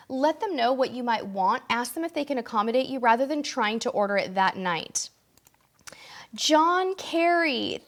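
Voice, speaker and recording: A woman's voice: high voice, fairly bright tone. Tired, chatty woman livestream host. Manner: chatty, reads viewer comments aloud. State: tired, losing her voice. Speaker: livestream host answering viewer questions. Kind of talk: casual live Q&A chat.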